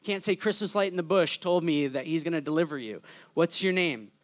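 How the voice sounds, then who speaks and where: A man's voice: fairly high pitch, fairly quick, natural voice. A man voicing Moses as a timid, doubting old man during a sermon, speaking in a hesitant, self-doubting way. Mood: doubtful.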